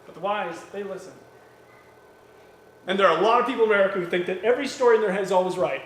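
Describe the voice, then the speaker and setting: A man preaching a sermon, lively and acting out quoted voices, with gentle humor. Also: high-pitched, rapid-fire. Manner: animated, acts out quoted voices with jokes. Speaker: pastor. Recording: echoey church hall with faint ambience.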